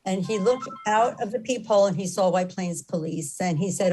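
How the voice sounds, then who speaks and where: A woman's voice: medium pitch, moderate pace, a little mellow, soft background music, rough recording. A woman giving an earnest, impassioned spoken account, repeating phrases for emphasis. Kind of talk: earnest storytelling talk.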